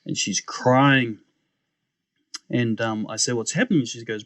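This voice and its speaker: A young man, a podcast guest telling his story in a casual, animated way, acting out the voices he quotes and laughing often. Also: medium pitch, unhurried, no echo.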